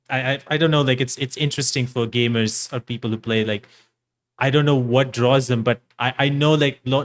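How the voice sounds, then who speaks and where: A man hosting a podcast interview, halting and often repeating words as he thinks. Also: medium pitch. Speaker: podcast host. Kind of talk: casual interview chat.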